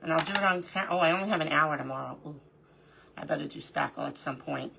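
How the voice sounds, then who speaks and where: A woman's voice: sits low, fast talker, creaky, sharp tone, breathy edge. A middle-aged woman hosting a live crafting stream, chatting casually, greeting viewers by name and talking to herself as she works. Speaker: livestream crafting host.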